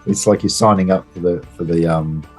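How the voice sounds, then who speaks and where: A man narrating as game master of a tabletop game, halting with restarts. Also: sits low, steady tone, soft background music. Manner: halting, many fillers and restarts.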